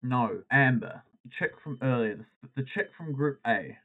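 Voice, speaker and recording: Over a thin, phone-like recording, a man spins a casual story, jumping into the lines people said along the way. His voice sits at an ordinary middle pitch, and the delivery stays loose and conversational. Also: normal speed, slightly rough. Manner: animated anecdote-telling, acting out quoted lines. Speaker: podcast host. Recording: tinny phone-like audio.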